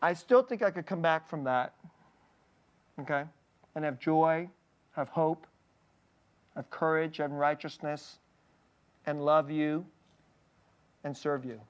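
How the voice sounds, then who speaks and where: A male pastor preaching a conversational sermon in a candid, personal way, often breaking off to restart a thought and checking in with a quick "okay?". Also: on the high side, smooth, lo-fi sound. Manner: halting, restarting phrases mid-thought.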